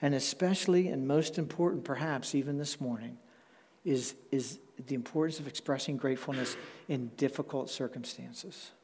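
A pastor delivers his sermon in a warm, mellow voice, measured and emphatic, stretching out the words he wants to land. He speaks from the front of a church sanctuary, and long reverb from the hall trails behind each phrase. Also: medium pitch, slight background noise. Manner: measured, emphatic, slows down to stress key words.

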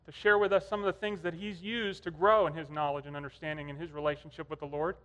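A man's voice: a little high, little pitch movement, fast talker, bright, forceful tone. A man preaching a sermon, telling stories in a conversational way. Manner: conversational storytelling. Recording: long hall reverb.

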